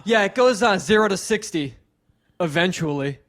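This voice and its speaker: A man imitating a corny, pushy male warm-up comedian, telling hammy jokes. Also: high voice, animated, normal speed. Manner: loud hammy joke-telling.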